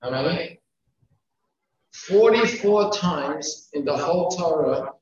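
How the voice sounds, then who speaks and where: A man's voice: on the high side, slow. A man teaching a class, counting off numbered points and repeating key phrases for emphasis. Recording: echoey room, far from mic, dull sound.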